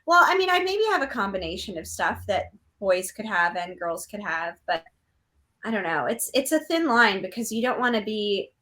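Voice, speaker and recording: A woman's voice: mid-range voice, sing-song, normal speed, bright, forceful tone. Woman, young adult, chatty, filler-heavy, casual interview talk. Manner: chatty, many likes and ums, laughing asides. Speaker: magician guest.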